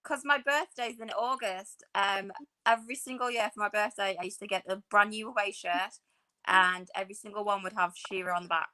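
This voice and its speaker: A chatty woman, rambling happily and poking fun at herself. Her voice is bright and forward, sitting in an ordinary middle pitch. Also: fairly even intonation, a little fast. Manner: chatty, rambling, self-deprecating. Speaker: podcast co-host. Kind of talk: casual chat.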